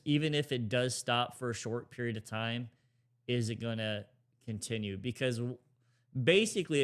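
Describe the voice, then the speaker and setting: A man's voice: mid-range voice, a bit bright, smooth. A man co-hosting a podcast, talking current affairs in a casual, rambling way, with lots of restarts and hedges. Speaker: podcast co-host.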